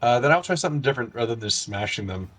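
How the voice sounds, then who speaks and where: A man's voice: medium pitch, expressive, racing, a bit bright, soft background music. A man playing in a tabletop game, hedging and asking unsure questions. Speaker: player. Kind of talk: casual play chat.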